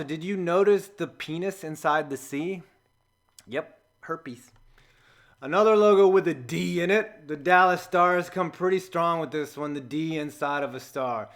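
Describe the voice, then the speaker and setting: An American man giving a sarcastic, jokey, scripted voice-over, with sudden loud outbursts between flat asides. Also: on the high side. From United States. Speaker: comedy video host.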